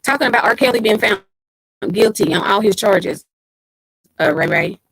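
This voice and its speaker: A woman's voice: a little high, normal speed, a bit bright, husky, no room sound, poor audio. A woman hosting a casual livestream, reading out viewer comments and greeting them by name. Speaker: livestream host.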